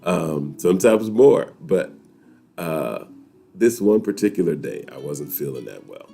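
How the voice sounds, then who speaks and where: A man from New York, hosting a weekly chat and telling a story to viewers in a lively, laughing way. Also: low-pitched, measured pace, gravelly, soft background music. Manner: animated, laughing, talks straight to viewers.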